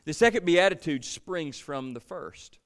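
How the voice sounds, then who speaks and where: A male pastor delivers a sermon in an earnest, emphatic way. His voice sits a little high for a man, and he repeats words as he builds his points, swelling loud and then falling to near quiet. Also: animated, unhurried.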